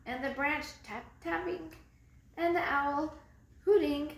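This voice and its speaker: A woman reading a children's storybook aloud, slow and dramatic, building suspense. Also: sits high. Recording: echoey room, faint background noise.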